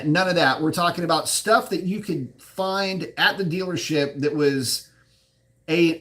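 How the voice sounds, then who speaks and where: A man's voice: a little high, a bit bright. Rambling, frank live-chat man. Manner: rambling, frank, with many fillers and restarts. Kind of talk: casual live chat answering viewer questions.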